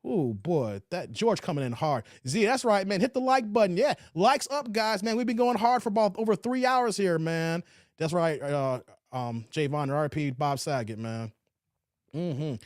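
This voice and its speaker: Higher-pitched man hosting a chatty livestream. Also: lively intonation, normal speed, no echo, clean studio sound. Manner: laid-back and slangy, often ends lines with "man" and "y'all". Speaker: livestream host. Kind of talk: casual livestream chat, reading viewer comments. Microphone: streaming setup.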